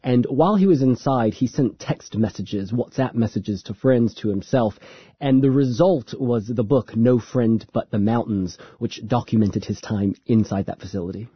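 An American man giving measured, thoughtful arts commentary in a radio studio. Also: mid-range voice, slightly rough, no echo. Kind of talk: studio discussion. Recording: dull, dry studio sound.

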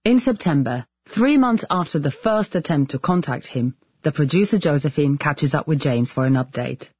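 A man journalist giving measured, scripted documentary narration. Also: on the high side, lively intonation, husky, dry recording, lo-fi sound. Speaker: journalist presenter.

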